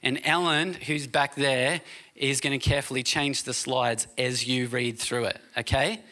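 A man's voice: medium pitch, steady tone, measured pace, pushed and bright. A man preaching a sermon at a church service in a casual, chatty way, often checking in with the congregation. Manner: casual, keeps checking in with "all right?" and "okay?". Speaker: pastor.

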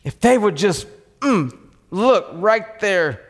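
A man's voice: high-pitched, expressive, takes it slowly, in a large hall. A man with a Texan accent preaching a sermon as pastor, talking with passion and fight in a church.

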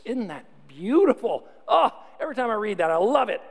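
A man preaching a sermon as pastor, earnest, slowing and dropping to a near whisper when he reads scripture. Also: high voice, sing-song, in a large hall.

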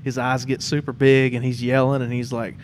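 A man's voice: mid-range voice, brisk, a little hiss or hum. A man with a mid-range voice who hosts an informal chat about theatre. He speaks in an easy, meandering way and often restarts his sentences. A faint room ambience sits under him. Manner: relaxed, rambling, many fillers and restarts. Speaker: podcast host. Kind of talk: casual interview chat.

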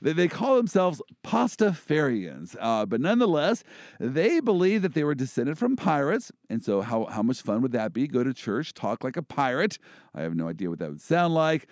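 A man's voice: mid-range voice, normal speed, no room sound, clean studio sound. A man hosting a casual chat about legal cases, joking and restarting often as he explains. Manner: joking, animated, many restarts. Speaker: host and First Amendment lawyer.

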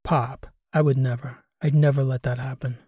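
A man voicing a quiet, dutiful grown son who speaks softly and earnestly, in an audiobook reading. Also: mid-range voice, little pitch movement, normal speed, husky, dry recording, clean studio sound, close to an everyday voice.

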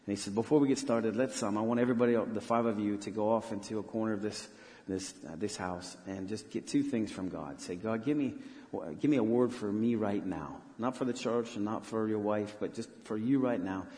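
A man serving as a missionary pastor, telling a story in an earnest, halting way with many restarts during a church interview. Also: on the low side, dark tone. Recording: long hall reverb.

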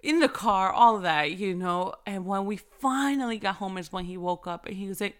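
A woman in her thirties, a mother telling an earnest, animated story about embracing moments with her kids and giving thanks. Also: medium pitch, moderate pace, smooth. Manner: animated, earnest, repeats phrases for emphasis. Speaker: mother sharing faith reflections. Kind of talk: casual inspirational storytelling.

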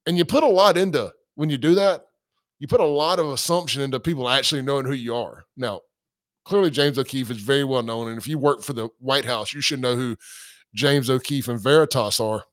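A man's voice: mid-range voice, a little fast, dry recording, studio quality. Man talking casually on a livestream. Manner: casual, conversational, reads comments and quotes aloud. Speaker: podcast host. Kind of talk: livestream commentary.

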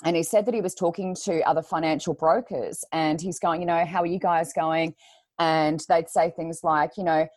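Lively woman, low voice. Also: normal speed, no echo. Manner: animated storyteller who acts out quotes. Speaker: podcast co-host. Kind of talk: casual podcast chat.

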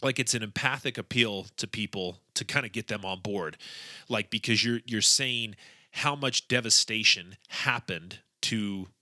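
Man, podcast co-host, casual talk, bright forward tone, dry close mic. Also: lowish voice, measured pace, dry recording. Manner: animated storyteller, acts out quotes, laughs often; informal, many restarts and fillers. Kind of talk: casual chat.

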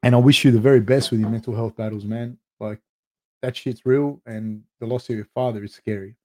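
With a steady, darkish medium-pitched voice moving fairly quickly, a middle-aged man hosts a live fight recap. He reads comments from viewers aloud and answers them loosely, cursing and rambling with lots of fillers.

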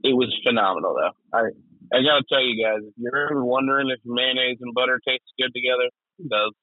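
A man's voice: medium pitch, quick pace, no room sound. Young man on a thin, phone-like line. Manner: loose and profane, laughs often. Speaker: podcast co-host. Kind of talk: casual chat. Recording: tinny phone-like, dry.

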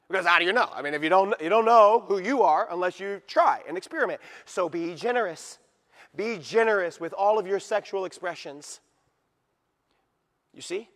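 A male pastor preaching a sermon, swinging from hushed, slow lines to loud, shouted passages. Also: high-pitched, animated, in a large hall.

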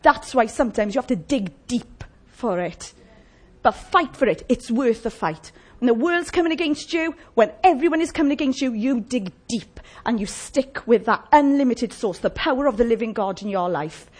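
A woman's voice: a little high, animated, normal speed, breathy edge. A woman preaching a sermon in a conversational way, often asking the congregation questions.

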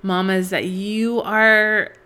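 A woman's voice: mid-range voice, level tone, takes it slowly, bright, forceful tone, smooth. A young adult woman hosting a faith-based podcast, talking earnestly and with feeling to mothers and often restarting her sentences. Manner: earnest and emotional, many restarts. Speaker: podcast host.

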